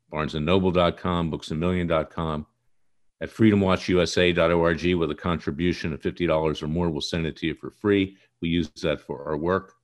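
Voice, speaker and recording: Deep-voiced combative male political host. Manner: combative, accusatory, emphatic. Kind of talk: direct-to-camera political monologue.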